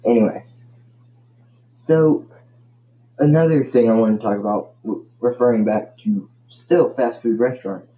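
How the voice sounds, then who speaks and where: A man's voice: medium pitch, a little slow, pauses often, dull audio, slight background noise. A man hosting a casual solo podcast, rambling and tripping over his words. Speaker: podcast host.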